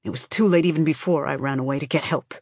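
A woman reading an audiobook, voicing a bitter, haunted father with a low, tight, simmering anger. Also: fast talker, darkish tone, husky, no room sound.

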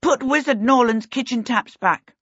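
A fussy kobold leader grumbles and frets in a low, serious tone, read by a woman. The voice is husky and a little breathy. The sound is dry and muffled. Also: lively intonation, unhurried, fairly bright tone, no room sound, exaggerated voice. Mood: grumbling. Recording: dull lo-fi recording.

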